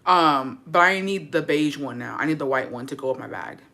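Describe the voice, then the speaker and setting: A young woman vlogger talks briskly in a deep, bright voice with a forceful tone. Her casual chat to viewers on camera is full of slang and profanity, with Spanish words dropped in.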